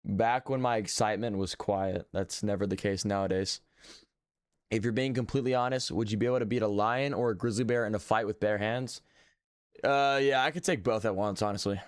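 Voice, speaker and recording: A man's voice: on the low side, moderate pace, clean tone, no room sound, clean studio sound. A man streaming live, reacting to his old videos with joking, sarcastic, self-mocking commentary.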